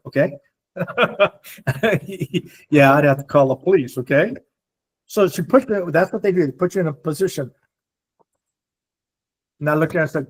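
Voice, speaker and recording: An older man speaking to a support group, telling stories in an animated way and acting out the voices of the people in them. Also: medium pitch, moderate pace, pauses often, slightly rough. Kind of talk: storytelling talk to a group.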